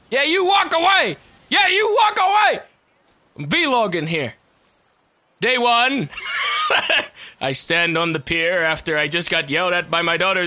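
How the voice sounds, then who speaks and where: A young man doing loud, excitable let's play commentary, swearing and laughing often. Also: sits high, no echo. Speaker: gaming video host.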